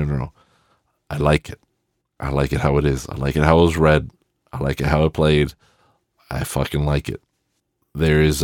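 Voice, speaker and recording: A man's voice: very deep voice, dry recording, clean studio sound. A man giving a rambling, casual film commentary, swearing freely and trailing off in restarts. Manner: rambling and profane, with many fillers and restarts. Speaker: film reviewer.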